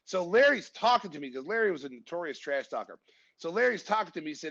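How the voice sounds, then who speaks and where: A man in his fifties from Oklahoma, a former basketball player and podcast guest, telling stories in a casual, animated way and acting out the voices of people he quotes. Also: on the high side, fast talker. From Oklahoma, USA. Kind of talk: casual storytelling. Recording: dull lo-fi podcast recording.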